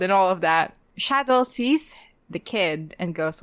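A woman's voice: mid-range voice, expressive, moderate pace, a bit bright. A woman co-hosting a podcast, animatedly retelling a TV episode in casual chat, acting out quotes and laughing along the way. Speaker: podcast co-host.

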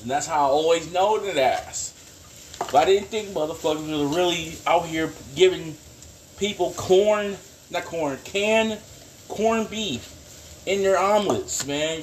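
A man's voice: on the high side, a little hiss or hum. A man hosting a casual solo podcast from his kitchen, rambling and swearing, breaking into bursts of laughing outrage. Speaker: podcast host. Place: home kitchen.

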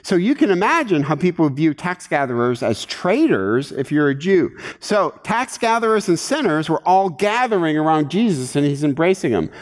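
A middle-aged male pastor preaching a sermon, acting out voices as he teaches. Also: on the high side. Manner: animated, acts out muttering voices. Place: church sanctuary. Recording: reverberant hall.

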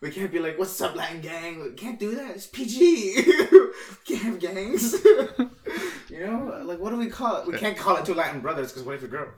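A man's voice: high voice, sing-song, moderate pace, a crowd in the background. A man co-hosting a podcast in casual chat, goofy and rambling, laughing often. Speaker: podcast co-host.

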